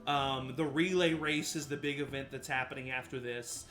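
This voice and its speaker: A man's voice: medium pitch, steady tone, moderate pace, a bit bright. A man narrating a tabletop game as game master, with many ums and uhs and easy laughter. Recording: faint music in the background.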